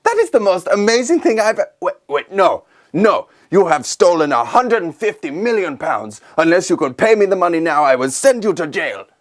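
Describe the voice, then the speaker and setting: A man putting on a shrill, amazed judge. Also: very animated, moderate pace. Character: indignant excitable male judge.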